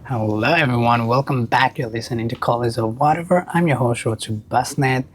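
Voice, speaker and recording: A man's voice: mid-range voice, fairly quick, slight background noise. A man hosting a casual podcast interview, upbeat and friendly, with slightly non-native phrasing. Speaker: podcast host.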